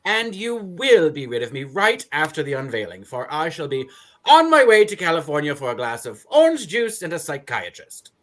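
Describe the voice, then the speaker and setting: A sharp-witted female decorator trades dry, cutting comebacks, read by a woman. Her pitch leaps around animatedly as she delivers each line. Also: big pitch swings, moderate pace. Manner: crisp, dry, sardonic comebacks. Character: sharp-tongued witty female interior decorator. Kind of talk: live script reading.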